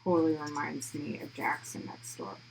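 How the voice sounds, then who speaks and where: A woman's voice: low-pitched, level tone, normal speed, gravelly, a little hiss or hum, poor audio. A woman co-hosting a livestream, chatting casually and filling her sentences with "like". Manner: chatty, fills with "like" often. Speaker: livestream co-host. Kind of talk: casual chat.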